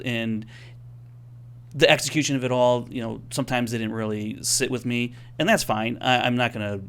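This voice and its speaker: A young man hosting a casual podcast, with a gravelly yet bright voice. He rambles and hedges, piling on little fillers as he steers the chat. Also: medium pitch. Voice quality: rambling, hedging, many fillers. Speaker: podcast host.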